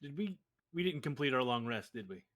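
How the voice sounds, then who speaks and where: A middle-pitched man takes his turn in an online tabletop game. He is chatty and playful and talks through his moves with plenty of fillers. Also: very animated, brisk, a bit bright. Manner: chatty, playful, fills with ums. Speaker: player.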